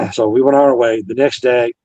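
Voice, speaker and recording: A man's voice: mid-range voice, steady tone, normal speed, creaky, a little mellow, no room sound, dull audio. A Navy veteran man in an interview, earnestly retelling past conversations and quoting both sides. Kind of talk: storytelling interview.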